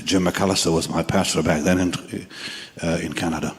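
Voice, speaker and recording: A man in his seventies preaching a dramatic sermon testimony to a large congregation. He swings from hushed tones to sudden shouts. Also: deep voice, fairly even intonation, moderate pace. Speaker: pastor. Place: large church or crusade hall with congregation. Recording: echoey hall sound.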